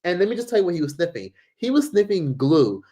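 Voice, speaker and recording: A man's voice: sits high, very animated, fast talker, mellow. A man casually telling a travel story to camera, rambling, swearing freely and leaning on filler words. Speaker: vlogger.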